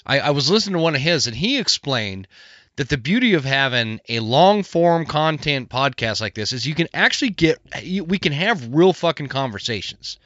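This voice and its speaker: A man's voice: fairly high pitch, very animated, normal speed, fairly bright tone, no room sound, muffled recording. A man hosting a podcast, talking bluntly in casual conversation, swearing freely and restarting his sentences. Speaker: podcast host.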